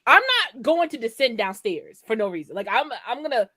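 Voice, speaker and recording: High-voiced woman cohost, animated, acts out voices, dry close sound. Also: fairly quick, no room sound. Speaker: podcast co-host. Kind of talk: casual chat.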